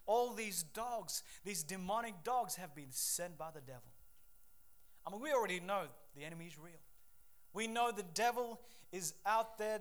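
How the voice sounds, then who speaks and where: A man preaching a sermon with a fairly high voice. He is from Papua New Guinea and moves between steady scripture reading and animated storytelling, swinging from loud bursts to quiet asides. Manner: animated storytelling with shifting loudness, acts out voices.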